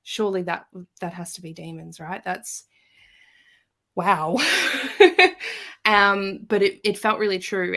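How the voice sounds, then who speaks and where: A woman guest on a podcast, telling a personal story in a casual, animated way and acting out the quoted voices. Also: medium pitch, slow, gravelly.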